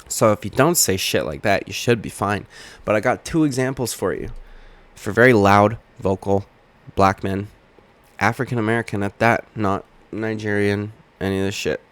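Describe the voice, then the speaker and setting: A man's voice: fairly low pitch, normal speed, fairly bright tone. A man hosting a heated, profane commentary video, talking straight to his camera as he argues his points. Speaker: MMA commentary channel host. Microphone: webcam or camera mic.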